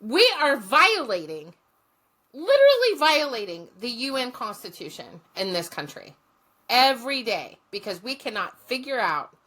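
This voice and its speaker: Blunt, passionate woman with a bright voice. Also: on the high side, sing-song, moderate pace. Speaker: guest; former social work teacher. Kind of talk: storytelling in conversation.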